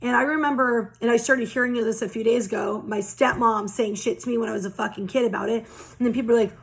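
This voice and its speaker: A woman's voice: fairly high pitch, fairly even intonation, quick pace. A young woman giving a casual oracle card reading, talking passionately and bluntly with lots of swearing. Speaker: tarot reader.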